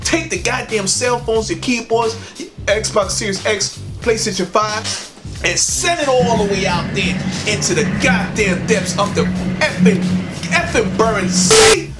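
Foul-mouthed male gaming vlogger in full rant, lively swooping delivery over background music. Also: sits high. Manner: angry, cursing, loud outbursts, drawn-out sing-song emphasis. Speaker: gaming channel host. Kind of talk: profane ranting vlog.

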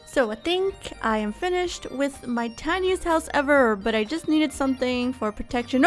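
A woman's voice: high-pitched, normal speed, few pauses, soft background music. A young woman giving casual, bubbly gameplay commentary, gushing and gasping as she explores. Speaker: gaming YouTuber.

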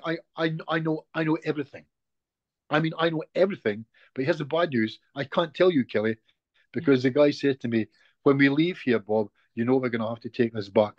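A man's voice: medium pitch, no echo, dull audio. A Scottish man, a hypnotist guest, telling a moving personal story in conversation and repeating words when he gets emotional. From Scotland.

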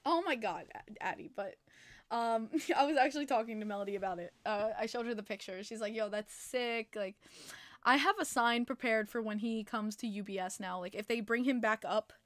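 A young woman with a New York accent, chatting casually with her live-stream audience as host, excitable and profane, laughing often. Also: a little high, a little fast, no room sound.

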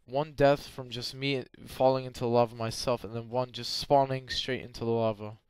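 A young man giving game commentary, excitable, often yelping and screaming when in danger. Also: mid-range voice, normal speed, clean tone, no room sound. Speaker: gameplay commentator.

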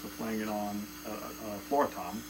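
A man's voice: on the low side, level tone, normal speed, noisy background. A man teaching a casual drum lesson, counting beats and chanting stroke names aloud in a loose, chatty way. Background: loud drumming.

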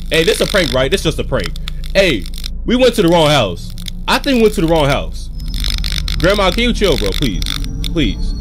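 A man playing a horror game and reacting out loud. He talks in a slangy, jumpy way and shouts and yelps whenever something startles him. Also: on the high side, huge pitch swings, fairly quick, over music. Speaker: gaming video creator.

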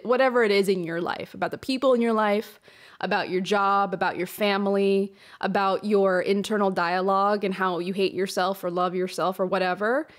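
A woman's voice: medium pitch, moderate pace. A young adult woman hosting her own podcast, talking candidly in a casual confessional monologue, swearing freely and restarting phrases into a hot close mic. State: emotional, runny nose. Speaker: podcast host.

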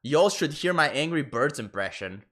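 Lively, bright-voiced streamer guy. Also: fairly high pitch, normal speed. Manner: profane, laughing, easily sidetracked. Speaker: gaming streamer. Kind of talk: casual livestream commentary.

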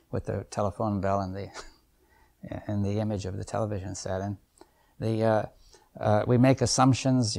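This seminar leader, a man in his seventies, speaks in a gravelly, lowish voice during an unplanned lecture. Thoughtful and musing, he repeatedly asks "right?" or adds "you see," with little chuckles between ideas.

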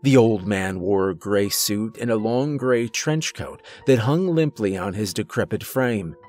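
Slow, low-voiced male horror narrator. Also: lively intonation, a little mellow, soft background music. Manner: slow, measured storytelling. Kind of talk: scripted narration.

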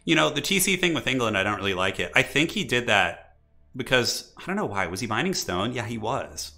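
Hoarse, bright-voiced male game streamer. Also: medium pitch, very animated, a little fast. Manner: chatty, thinking aloud, answering viewers. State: hoarse from a chest cold. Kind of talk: live gameplay commentary and chat replies.

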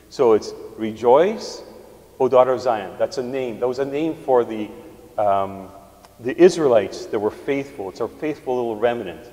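Male priest, sermon delivery, halting teaching style, warm tone, long church reverb. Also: mid-range voice. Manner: teaching with pauses and restarts. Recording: echoey church hall.

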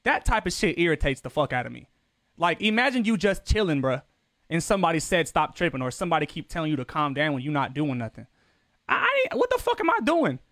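A man's voice: fairly high pitch, lively intonation, quick pace, fairly bright tone, no room sound, studio quality. Slangy, profane male gaming streamer. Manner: loose, slangy and profane, voice jumping up when he gets defensive. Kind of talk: casual live-stream chat with viewers.

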